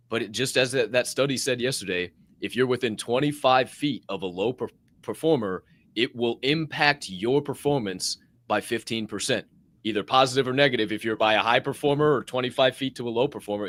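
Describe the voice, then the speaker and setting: A man's voice: medium pitch, a little fast, fairly bright tone. A man co-hosting a motivational podcast, swearing freely and talking in a hyped-up way. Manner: profane, hyped, acts out quoted voices. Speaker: podcast co-host. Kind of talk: motivational casual chat.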